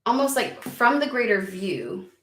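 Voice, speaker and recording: A woman reads tarot in a loose, rambling chat, swearing often and filling gaps with "like." Her voice sits at an ordinary middle pitch. The room around her is roomy and echoes. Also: big pitch swings, measured pace, fairly bright tone, a little hiss or hum. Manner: chatty, rambling, swears freely, lots of "like". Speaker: tarot reader. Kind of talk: casual tarot reading to camera.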